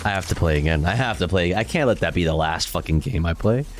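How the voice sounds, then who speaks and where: A man's voice: sits low, animated, quick pace, a little hiss or hum. A young man streaming a video game, chatting casually with his viewers, playful and jokey and swearing often. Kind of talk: casual gameplay commentary.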